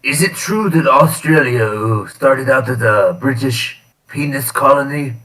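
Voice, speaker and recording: A man appearing as a guest on a casual stream, who jokes in a deadpan, trolling way and stops often to say uh. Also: mid-range voice, recorded from a distance, rough recording. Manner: deadpan, trolling, halting with many uhs. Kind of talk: casual live-stream banter.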